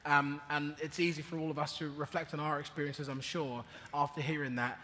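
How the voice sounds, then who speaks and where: A man's voice: on the high side, flat delivery, fairly quick, bright, forceful tone, a little hiss or hum. A man hosting a live conference panel, rousing the audience with lots of energy. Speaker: event host and panel moderator. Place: large conference hall with audience. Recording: hall reverb, crowd.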